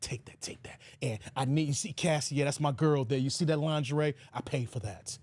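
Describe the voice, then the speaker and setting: A man doing a comic impression of a famous music mogul, drawling in a slow, smug murmur. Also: on the high side, a little mellow, no echo, pitched below the performer's own voice, lightly acted. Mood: directing. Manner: drawling, self-satisfied, murmured.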